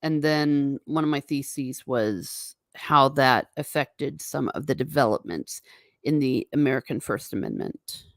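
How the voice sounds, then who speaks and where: Streaming from home, a woman with a rumbling low voice chats a little slowly, reading out viewer comments and laughing frequently. The audio is clean and studio-like, with no echo.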